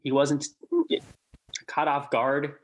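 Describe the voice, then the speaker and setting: A man's voice: on the high side, little pitch movement, slow. A man co-hosting a church podcast in casual chat, upbeat and chatty with many fillers. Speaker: podcast co-host.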